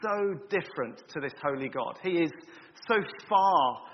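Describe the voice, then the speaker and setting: A man preaching a sermon, explaining a passage in a measured way with frequent ums and repeated words. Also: fairly high pitch, expressive, a little hiss or hum. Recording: dull lo-fi recording in a reverberant hall.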